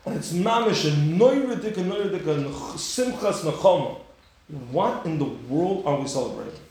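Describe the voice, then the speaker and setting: A man teaching a Torah class with rhetorical questions, his voice a touch high for a man. He acts out the story with sudden high, loud bursts. The room is strongly echoey. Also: lively intonation, normal speed. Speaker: rabbi giving a class.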